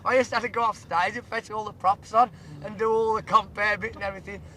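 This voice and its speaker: A man's voice: steady tone, quick pace, pushed and bright. A young man in his twenties, a band member swapping laughing road anecdotes in a casual chat. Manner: laughing, chatty storytelling. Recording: noisy archive radio tape with engine rumble.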